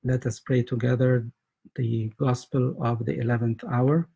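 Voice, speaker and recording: A man reads church prayers aloud in a steady, unhurried recitation. His voice is very dark and husky, held in a flat, narrow pitch with little rise or fall. He moves evenly through the scripture and the repeated chanted responses. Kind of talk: liturgical prayer reading.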